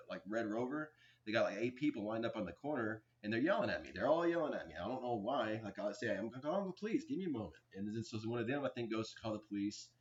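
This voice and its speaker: A man in his forties giving a rambling, aggrieved personal account, halting often with restarts and fillers. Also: fairly low pitch. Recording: dull lo-fi recording.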